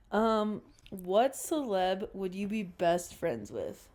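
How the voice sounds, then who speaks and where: A woman's voice: medium pitch, very animated, drawn-out words, a little mellow. A woman hosting a podcast, asking her guest casual questions in an upbeat way. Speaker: podcast host. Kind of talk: casual interview chat.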